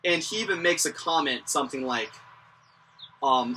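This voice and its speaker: A man's voice: mid-range voice, moderate pace, pushed and bright, slight background noise. A young man casually recapping and reviewing an anime episode, rambling with lots of fillers and chuckles.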